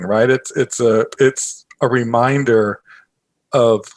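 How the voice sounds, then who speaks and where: A man being interviewed as a guest, telling a story in a rambling, animated way with many filler phrases. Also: mid-range voice, moderate pace. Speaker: guest, author and investor.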